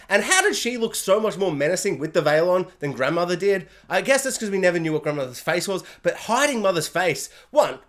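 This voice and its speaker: Woman, review vlogger, excitable rant delivery with mock character voices, very lively intonation. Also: medium pitch, fairly quick, hardly any pauses. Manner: animated and gushing, acts out characters in mock voices.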